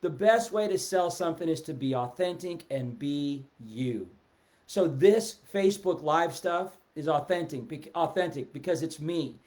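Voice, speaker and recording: A middle-aged man giving a casual, animated sales talk on a live stream, seated and reading out viewer comments. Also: fairly high pitch, unhurried. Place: indoors, seated in a chair. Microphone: webcam or phone at a desk, seated.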